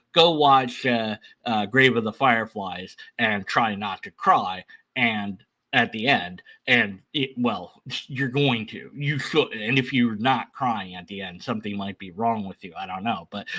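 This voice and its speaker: A man's voice: on the low side, pushed and bright, poor audio. A man giving casual reaction commentary, rambling with many restarts and asides.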